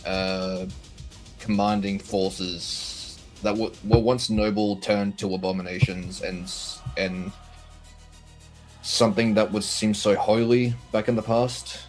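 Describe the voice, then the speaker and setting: A man playing a tabletop game, describing his character in a halting way as he searches for words. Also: fairly low pitch, flat delivery, soft background music, rough recording. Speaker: player.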